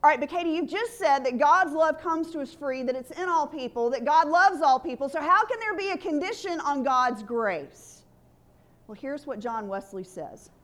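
A woman's voice: sits high, animated, normal speed, fairly bright tone. A woman pastor preaching a sermon in an earnest, conversational way, leading the congregation in call-and-response.

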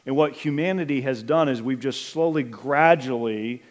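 A middle-aged man preaching a sermon as pastor, in an earnest, measured way with some hesitant fillers. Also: fairly high pitch, a little mellow.

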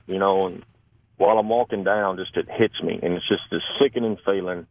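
A man on a radio show recounting a personal story in an earnest, casual way, often pausing and restarting. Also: deep voice, dry recording. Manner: earnest, with frequent fillers and restarts. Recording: tinny phone line.

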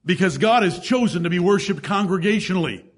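A man's voice: sits high, animated, a little fast. A male pastor preaching a sermon to his congregation, reading scripture aloud and stressing key words.

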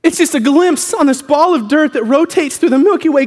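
A man's voice: extremely high pitch, brisk. A man pastor, preaching a sermon in a church, telling stories and acting out voices before building to a fervent proclamation. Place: church sanctuary.

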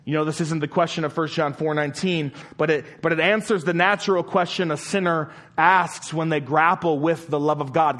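A man preaches a sermon from the pulpit, his voice sitting a little high for a man. He hammers home his point with strings of rhetorical questions. Then he drops to a hushed, slow delivery to let a line land. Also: fairly even intonation. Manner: emphatic, rhetorical repeated questions; drops to a quiet, slow voice for emphasis. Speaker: pastor.

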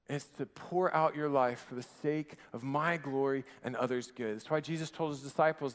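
A man in his thirties preaching a sermon in a relaxed, conversational way, often restarting his phrases and dropping in fillers. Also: a little high, brisk, hardly any pauses, big-room sound. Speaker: pastor.

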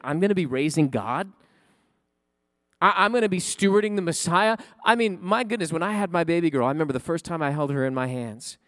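A man preaching a sermon with passion, repeating phrases and swinging his pitch up and down. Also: dry recording. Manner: impassioned preaching with sudden pitch swings and repetition. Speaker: pastor.

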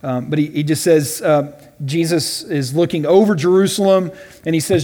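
A man teaching a Bible study class in a casual way, often checking in with "right?" and voicing quoted lines loudly and dramatically. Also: on the high side, steady tone, moderate pace. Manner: conversational, with frequent "right?" and "all right?" check-ins. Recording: long reverb from a large hall.

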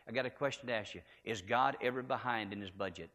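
A man's voice: on the low side, quick pace, bright, forceful tone. A man preaching a storytelling sermon in a church, earnest and emphatic, repeating key phrases. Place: church sanctuary. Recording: echoey hall with long reverb.

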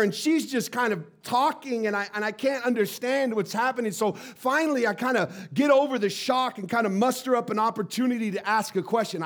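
A male pastor preaching to his congregation, telling a story in an animated way and often stumbling over repeated words. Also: very high voice. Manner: animated, stammering repetitions. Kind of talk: sermon storytelling.

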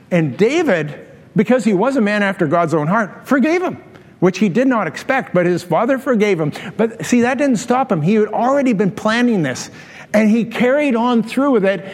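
A middle-aged man preaching a sermon as a pastor, telling a story with humorous asides and laughing at his own jokes. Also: high-pitched. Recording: long hall reverb.

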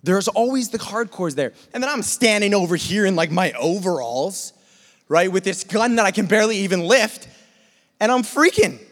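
A man telling a lively personal story in a sermon, sometimes imitating gunfire and shouting. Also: high-pitched, normal speed. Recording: long reverb of a hall.

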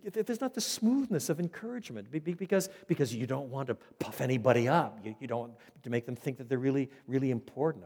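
A man preaching an expository sermon, animated and emphatic, often repeating words as he builds momentum. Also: mid-range voice, fast, hardly any pauses, husky. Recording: echoey hall.

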